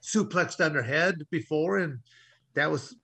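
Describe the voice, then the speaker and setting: A man's voice: fairly high pitch, unhurried, gravelly, bright, forceful tone, breathy edge. A man co-hosting a talk show, telling a long story in a rambling way with many restarts. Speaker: co-host. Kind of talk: casual storytelling.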